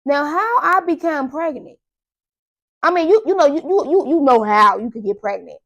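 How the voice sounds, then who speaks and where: A young woman with a high voice hosts her own podcast. She tells a story in a loose, animated way and keeps talking straight to her listeners. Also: normal speed, muffled recording. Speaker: podcast host. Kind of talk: casual monologue.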